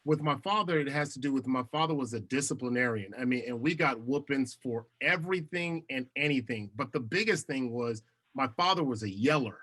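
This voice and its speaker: Bright-voiced animated man telling stories. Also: medium pitch, brisk. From United States. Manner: animated, laughs often. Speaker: podcast guest, TV host. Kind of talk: casual interview storytelling.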